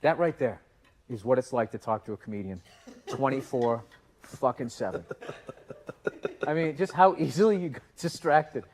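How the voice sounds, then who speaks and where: A man's voice: medium pitch, expressive, normal speed, long pauses, darkish tone, a little hiss or hum. A man co-hosting a podcast, swearing freely and breaking into laughter as he tells a long family story. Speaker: podcast co-host. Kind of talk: casual chat.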